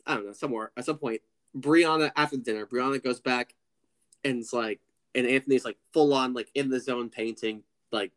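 Male podcast co-host, mid-pitched, opinionated and chatty. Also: a bit bright. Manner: opinionated, chatty, quotes characters in quick asides. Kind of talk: casual film discussion.

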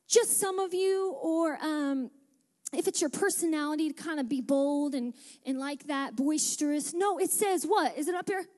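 A woman's voice: high-pitched, moderate pace, a little mellow, big-room sound. A woman pastor preaching a sermon in a church and calling out for responses from the congregation. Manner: passionate preaching with call-and-response. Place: church sanctuary.

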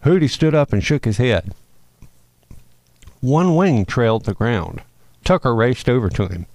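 A man of middle pitch reads a holiday animal story in a storytelling voice. He brightens and rises for the critters' quoted lines. The recording is close and dry, with no room sound. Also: animated, measured pace, pauses often, dry recording. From North Carolina, USA. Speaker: host reading a holiday story. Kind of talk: storybook narration with character voices.

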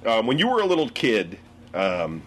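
A man's voice: medium pitch, wildly swooping pitch, moderate pace. A man hosting a casual chat with friends, asking the questions that steer the talk. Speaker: host.

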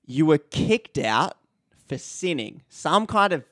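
Man, podcast co-host, playful, fairly high voice, dry close sound. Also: sing-song, slow, a bit bright, no echo. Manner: playful, quizzing the guest. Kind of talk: casual podcast chat.

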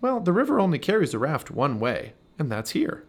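A man voicing an excitable, adventurous male squirrel in a read-aloud storybook, eager and bouncy. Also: fairly high pitch, a little fast, pitched above the performer's own voice, heavily acted. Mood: excited.

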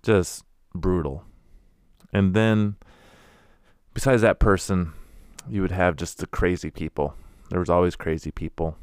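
A man's voice: low-pitched, steady tone, a little slow, pauses often, a little mellow, clear, resonant tone, no room sound, studio quality. A man telling wry, candid stories about going door to door as a preacher, acting out the people he met. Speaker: former door-to-door preacher telling his story. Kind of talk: casual storytelling monologue.

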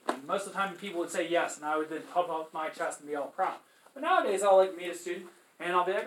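A man's voice: sits high, fast talker, bright, forceful tone, reverberant, poor audio. A male teacher giving a conversational literature lecture, asking his students rhetorical questions and reading passages aloud.

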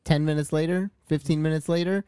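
A man co-hosting a casual sports podcast, relaxed and agreeable. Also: a little high, fairly quick, smooth, no echo, clean studio sound. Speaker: podcast co-host.

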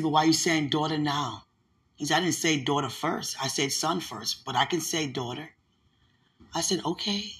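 A young woman, talking affectionately and religiously to her partner and breaking into lively, laughing storytelling. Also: deep voice, vocal fry, breathy edge. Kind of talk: casual emotional chat.

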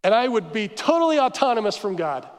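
A man preaching a sermon as pastor, telling the story with animated asides and acting out the crowd's complaints. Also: sits high, a little fast, clear, resonant tone. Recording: church hall reverb.

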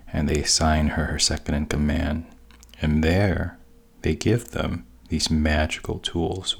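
A man casually retelling a story in an unhurried, halting way. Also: rumbling low, creaky.

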